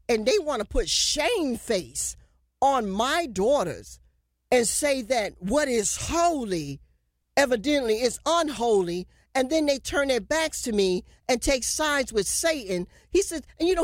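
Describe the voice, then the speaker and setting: A woman's voice: on the high side, no room sound. Fervent woman preacher, dry sound. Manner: fervent, declaiming prophecy in the Lord's voice. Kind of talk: prophetic sermon.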